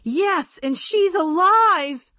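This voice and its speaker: A woman voicing an excited, earnest little girl doll in a storybook reading. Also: high voice, measured pace, slightly rough, no room sound, pitched above the performer's own voice, full character voice.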